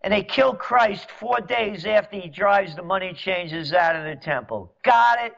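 A man delivering a sarcastic, mocking monologue as a commentator, at times rising to shouts. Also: sits high, animated, moderate pace, creaky. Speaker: trend forecaster and commentator. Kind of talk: ranting monologue. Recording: dull lo-fi audio.

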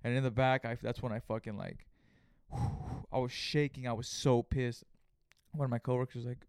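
Young male podcast host, loose profane storyteller, mid pitch, dry close sound. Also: fast talker, smooth, dry recording. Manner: profane, animated retelling with acted-out quotes. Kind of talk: casual storytelling monologue.

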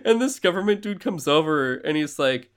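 A man co-hosting a casual podcast, excitedly rambling through a recap with swearing and lots of fillers. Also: on the high side, moderate pace, smooth. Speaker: podcast co-host.

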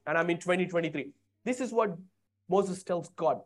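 A preacher delivering a sermon, speaking emphatically, swinging between quiet passages and loud exhortation and questioning the congregation directly. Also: mid-range voice, fairly quick.

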